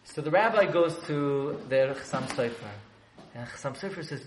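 A man telling a story to a class, lively and joking with his listeners in a room with an audience. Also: fairly high pitch, normal speed. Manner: animated, joking asides with the audience. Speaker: religious teacher. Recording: echoey room, faint background noise.

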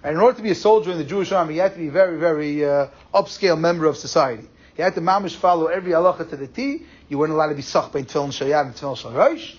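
A man teaching a Torah class, explaining quickly and animatedly, with Hebrew and Yiddish terms in his English. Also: a little high, lively intonation, breathy edge. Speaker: rabbi giving a class. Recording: muffled lo-fi recording.

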